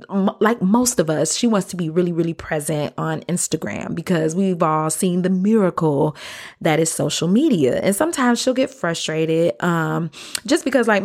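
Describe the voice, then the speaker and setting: Encouraging woman host, chatty faith talk. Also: fairly low pitch. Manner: conversational and encouraging, with playful asides. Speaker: podcast host.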